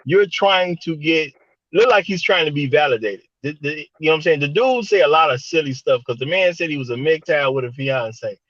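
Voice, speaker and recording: A man talks casually on an online panel, leaning on slang and returning to his point. His voice sits a little high. The audio is dry and dull, like a lo-fi call. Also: expressive, fairly quick, a bit bright, no echo. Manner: conversational, repeats "my thing is", slang-heavy. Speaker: podcast co-host.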